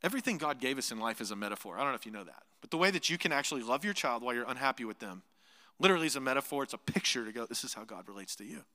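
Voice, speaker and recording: A man preaching a sermon as pastor, animated, voicing imagined speakers and dropping to hushed asides. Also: medium pitch, rapid-fire, big-room sound. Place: church sanctuary.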